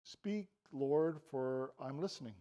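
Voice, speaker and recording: An older man playing an old male priest in a children's Bible story, speaking softly and gently. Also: medium pitch, takes it slowly, lightly acted. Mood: gentle.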